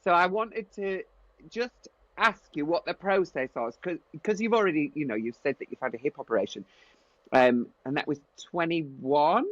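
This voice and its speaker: Yorkshire man co-host, rambling friendly questions, highish voice, dry muffled mic. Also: normal speed, dry recording. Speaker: podcast co-host. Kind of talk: casual podcast chat.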